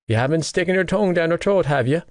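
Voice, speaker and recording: A mischievous teenage schoolboy full of dramatic teasing, as a male audiobook reader puts him on. He talks in a higher, quicker voice than the narration, huffing and coaxing. The sound is dry and close. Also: lively intonation, dry recording, lightly acted. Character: cheeky teenage schoolboy best friend, male. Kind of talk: audiobook character voice.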